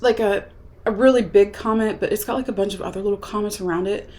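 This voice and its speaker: Young woman just chatting on a vlog, rambly, says like a lot, normal pitch. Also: fast, darkish tone. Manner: chatty, rambling, lots of "like" fillers. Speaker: vlogger reviewing a movie. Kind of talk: casual chat.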